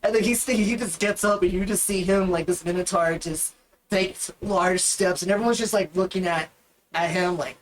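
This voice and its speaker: A woman's voice: on the low side, normal speed, a little hiss or hum, low-quality recording. A woman narrating a tabletop game as game master in a casual, rambling way. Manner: casual, rambling, with many fillers.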